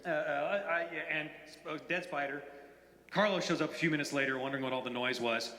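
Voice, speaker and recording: A man in his forties, an author telling anecdotes at a bookstore event, in a rambling, halting way full of fillers and restarts. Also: a little high, fairly even intonation, pushed and bright. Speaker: author at a reading. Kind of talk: live anecdotal storytelling. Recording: roomy, reverberant hall.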